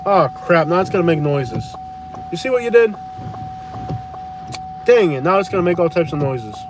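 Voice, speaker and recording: Guy live streaming from his truck, kinda high voice, jokey and laughing, faint engine and rain noise behind. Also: lively intonation, moderate pace. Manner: jokey, laughs often, repeats phrases playfully. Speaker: live-stream host reading viewer comments. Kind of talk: casual live-stream chat. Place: inside a running truck during a storm. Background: engine hum, wind and rain.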